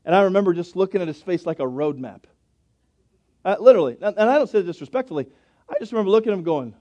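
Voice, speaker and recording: A middle-aged male pastor preaching a sermon in a church, telling chatty homespun stories and reading scripture slowly. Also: high voice, expressive, dark tone, highs cut off. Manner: folksy, chatty storytelling with scripture read slowly. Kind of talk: storytelling sermon. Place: church sanctuary.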